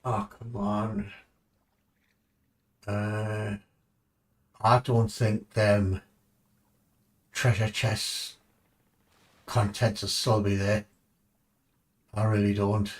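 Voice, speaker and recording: Chatty English streamer, unhurried and a bit deep, casual swearing, off-mic distance. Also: male voice, flat delivery. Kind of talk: casual gaming commentary.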